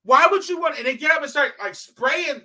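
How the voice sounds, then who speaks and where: Sharp, bright-voiced man ranting profanely. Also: very high-pitched, brisk. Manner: profane, heated, bursts into shouting. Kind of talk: casual storytelling rant.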